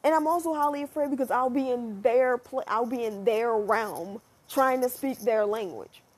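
A high-voiced young woman from the US vlogs directly to camera at normal speed. Airy and slightly husky, she drifts through a casual monologue, moving from musing to animated asides and swearing now and then.

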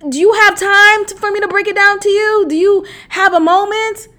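A woman hosting a podcast in casual chat, animated and profane, laughing often and swinging from loud outbursts to quiet asides. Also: extremely high pitch, normal speed. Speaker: podcast host.

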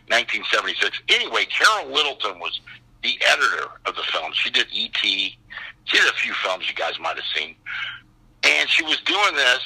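Husky, bright-voiced man in his sixties. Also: medium pitch, poor audio. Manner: animated storyteller who acts out the other people in his story. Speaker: actor guest. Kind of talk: casual anecdote telling.

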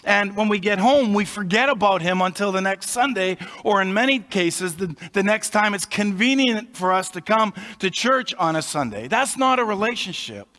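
Pastor preaching in a reverberant hall. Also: male voice, sits high, animated, bright, forceful tone. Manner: explanatory, conversational preaching with pauses. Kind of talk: sermon. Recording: long reverb of a large hall.

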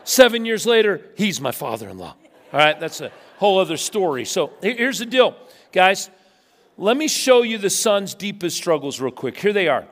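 A male pastor preaching a sermon, telling funny stories and swinging between loud bursts and hushed asides. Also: high-pitched, normal speed. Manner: animated storytelling with humor, swinging from loud to hushed. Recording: long reverb of a large hall.

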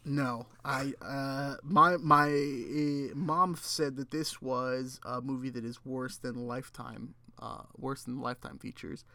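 A man's voice: medium pitch, fairly even intonation, slow pace, hardly any pauses, pushed and bright, dry recording. A man co-hosting a casual movie recap chat, rambling and laughing in exasperation. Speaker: podcast co-host.

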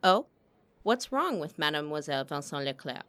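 Lady doing a dry cool opera boss guy, clipped, kinda sardonic, lowish. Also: very animated, normal speed, a bit bright. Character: cool, guarded male opera impresario.

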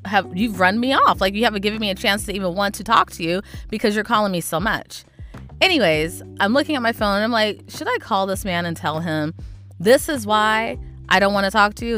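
A young adult woman hosting a podcast, telling a dating story in a casual, animated and exasperated way, with lots of "like". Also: medium pitch. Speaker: podcast host.

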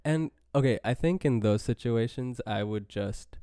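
A young man from India with an American accent, talking casually and reflectively, with frequent pauses and fillers. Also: mid-range voice, warm tone, no room sound, clean studio sound. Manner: reflective and hesitant, with many fillers. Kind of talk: casual conversation.

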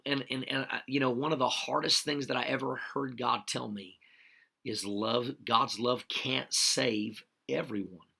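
A man delivers a livestreamed sermon in a slow, deliberate cadence, his voice gravelly with a bright, forceful edge. He drives every point home by repeating it and checking in with "okay?", and he stops now and then to greet viewers by name. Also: mid-range voice. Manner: emphatic, repeats key points with frequent "okay?". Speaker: preacher.

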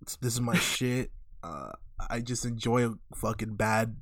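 A man's voice: medium pitch, a little slow, no room sound. A man in casual chat who swears constantly and breaks into laughter as he hypes up a film. His voice sits mid-range and the sound is dry and close, with no room around it. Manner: profane, laughs often, excited retelling. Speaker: podcast co-host reviewing a movie.

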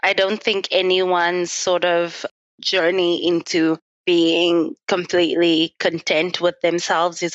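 A young woman with a South African accent talks through her past in an unhurried, measured way, breaking into laughter now and then. Her voice sits a little low. The recording is dry and slightly muffled. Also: fairly bright tone, no echo. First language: Afrikaans. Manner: reflective, laughs often, measured. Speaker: guest. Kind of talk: casual interview conversation.

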